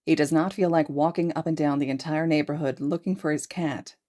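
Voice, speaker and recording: A woman narrating a fan fiction podfic with steady storytelling. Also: sits low, brisk. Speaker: podfic reader.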